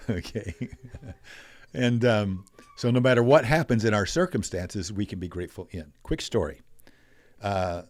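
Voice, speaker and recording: An older man telling stories as a podcast guest, animated, acting out quoted voices. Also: lowish voice, a little slow, no echo. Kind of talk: storytelling in a conversational interview.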